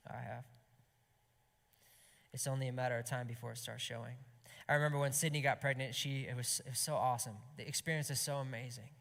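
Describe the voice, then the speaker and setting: Guy preaching hard at a young adults night, mid-pitch voice, goes loud then drops to a whisper. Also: steady tone, quick pace, creaky. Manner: impassioned, swings from loud to hushed whispers. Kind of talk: sermon. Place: gathering hall. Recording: long hall reverb.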